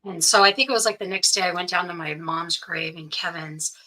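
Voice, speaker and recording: Bright-voiced woman telling her story. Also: on the low side, a little fast, poor audio. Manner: earnest, quotes others' speech as she tells it. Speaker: interview guest. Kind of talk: personal storytelling.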